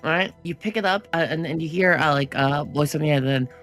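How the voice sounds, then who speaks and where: A game master narrating a tabletop horror game in measured tones, using dramatic pauses. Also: female voice, low-pitched, a bit bright, faint music behind.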